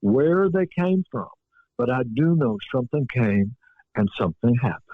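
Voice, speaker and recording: A man's voice: medium pitch, big pitch swings, moderate pace, dry recording, phone-quality sound. A man voicing a plain-spoken older man with a Southern US accent, earnest and direct.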